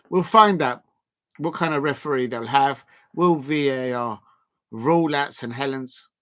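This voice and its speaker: A man's voice: medium pitch, a bit bright. A man chats casually on a livestream as its host. He teases, laughs often and repeats his lines for effect. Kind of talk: casual live-stream chat.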